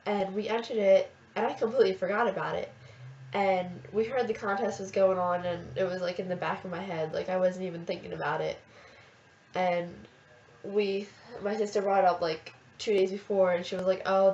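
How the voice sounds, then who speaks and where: A woman's voice: medium pitch, fairly even intonation, moderate pace, a little mellow, a little hiss or hum. Chatty teenage girl, roomy lo-fi sound. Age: teens. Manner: chatty, filler-heavy, gushing. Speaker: vlogger. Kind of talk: casual storytelling. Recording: roomy, dull lo-fi webcam audio.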